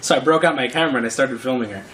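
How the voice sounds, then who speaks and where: A young man casually narrating his own prank in a wry, quick manner. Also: medium pitch, a bit bright, recorded from a distance, poor audio. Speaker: prankster telling his story.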